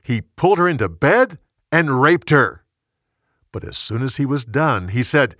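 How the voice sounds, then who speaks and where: A man's voice: medium pitch, normal speed, dry recording, clean studio sound. A man telling a Bible story dramatically and shifting his voice for each character. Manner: expressive, animated character voices.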